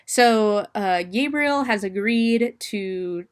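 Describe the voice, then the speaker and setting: A woman hosts a podcast and walks through a movie in a loose, chatty recap. Her voice sits at a middle pitch. She rambles from point to point and swears casually as she goes. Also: lively intonation, slow. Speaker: podcast host.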